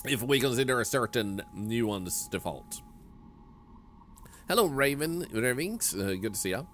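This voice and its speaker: A man's voice: mid-range voice, animated, unhurried, fairly bright tone, slight background noise. A man streaming a game live, chatting casually and answering viewers' comments as he plays. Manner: chatty, answering viewers' chat while playing.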